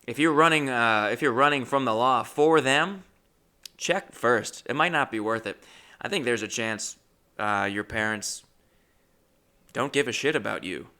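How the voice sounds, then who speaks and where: A male comedian telling a story with profane, animated anecdote-telling. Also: mid-range voice, a little slow, smooth.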